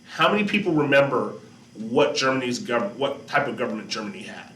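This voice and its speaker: A man teacher giving a relaxed classroom lesson, talking to his students, asking them questions and joking along the way. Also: medium pitch, fairly quick. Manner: chatty, asks students questions, jokes. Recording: echoey room, distant mic, faint background.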